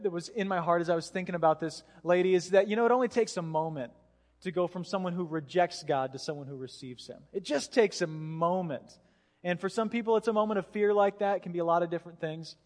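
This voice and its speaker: A man in his thirties preaching a sermon in a church, casual and chatty, acting out voices as he tells a story. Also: high voice. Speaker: pastor. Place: church hall. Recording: reverberant church hall.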